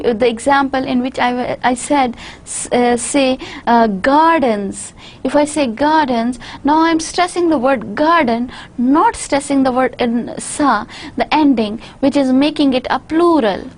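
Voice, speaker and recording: A woman with a South Asian English accent delivers a university lecture in a high, light voice. She explains patiently, circling back and restarting words as she reasons through each point. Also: unhurried. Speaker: linguistics lecturer.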